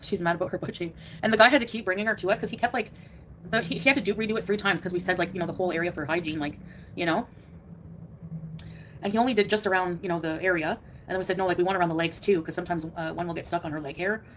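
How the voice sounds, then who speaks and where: A woman's voice: fairly low pitch, steady tone, rapid-fire, fairly bright tone, slight background noise. A woman chatting casually on a live stream, reading out viewer names and giggling often. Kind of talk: casual livestream chat.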